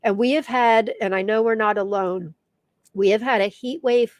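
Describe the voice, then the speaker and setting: A woman's voice: medium pitch, normal speed, no echo, studio quality. A middle-aged woman hosting a casual live stream, teary and emotional as she reads viewer comments aloud. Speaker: live show host.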